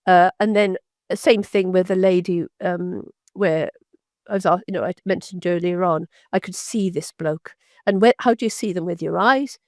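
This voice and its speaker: An older British woman, a physician appearing as an interview guest, tells long, wandering anecdotes full of false starts, restarts and repeated words. Her voice is lowish, and the sound is close and dry with no echo or room.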